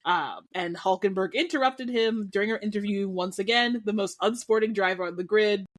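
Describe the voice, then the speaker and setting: A woman's voice: mid-range voice, normal speed. Chatty woman podcast co-host. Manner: chatty, joking, speeds up when explaining. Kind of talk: casual chat.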